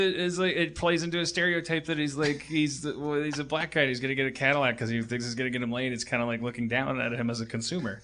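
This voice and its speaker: A man's voice: mid-range voice, fairly even intonation, fast, hardly any pauses, background noise. A man hosting a casual comedy podcast, rambling and joking with frequent restarts. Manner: rambling, self-interrupting, joking. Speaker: podcast host.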